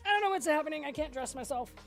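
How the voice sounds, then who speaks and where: A woman streamer chats casually over a headset, bubbly, giggly, and self-deprecating, with soft music playing in the background. Her high-pitched voice is animated and very fast.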